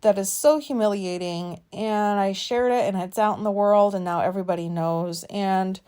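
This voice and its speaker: A woman in her forties, hosting a podcast and talking through an embarrassing memory in a candid, rambling way, self-conscious and quick to swear. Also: mid-range voice, fairly even intonation, dark tone, clear, resonant tone. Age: 40s. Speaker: podcast host. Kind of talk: candid personal monologue.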